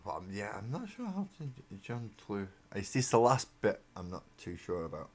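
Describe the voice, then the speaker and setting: A man's voice: lowish voice, wildly swooping pitch, moderate pace, slight background noise. An English man hosting a live stream, chatting casually and rambling in a self-mocking way while he builds miniatures. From England. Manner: rambling and self-mocking, often trailing into mumbles. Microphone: desk mic on a live webcam stream.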